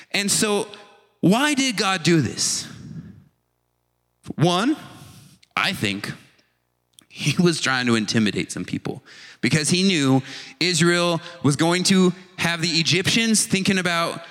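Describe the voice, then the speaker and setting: Animated preacher man in a big hall. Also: fairly high pitch. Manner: casual, animated storytelling with playful voiced asides. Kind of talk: sermon.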